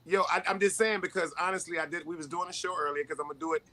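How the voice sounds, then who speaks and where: Fast-talking, high-voiced hype man host. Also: steady tone. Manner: hyped, shouts people out. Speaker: live stream show host. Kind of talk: casual chat.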